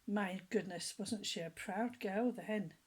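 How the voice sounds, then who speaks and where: A woman reading a children's story aloud with a gentle, animated storytelling manner. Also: medium pitch, slow pace, slightly rough.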